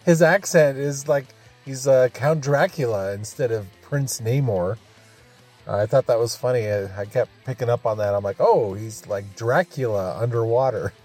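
A man's voice: mid-range voice, moderate pace, a little mellow, soft background music. A man hosting a podcast, reviewing a show in a rambling, chuckling way with many fillers. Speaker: podcast host reviewing a radio adaptation. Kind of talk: casual review chat.

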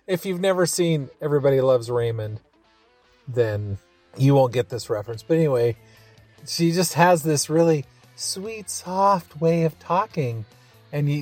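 This is a casual review chat from a male podcast host whose voice sits at medium pitch with a darkish tone. He meanders through his thoughts on a radio adaptation, laughing softly and using plenty of filler words.

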